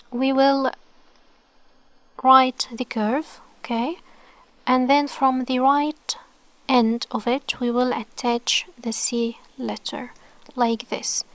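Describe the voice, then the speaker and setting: Slow Egyptian woman teaching softly. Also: sits high, dry recording. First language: Arabic. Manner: patient, with many fillers and repeated words. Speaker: Arabic teacher. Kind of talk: online alphabet lesson.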